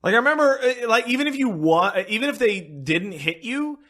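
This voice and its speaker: A man co-hosting a casual podcast, telling stories in an animated way and swearing freely. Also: extremely high pitch, fairly quick. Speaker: podcast co-host.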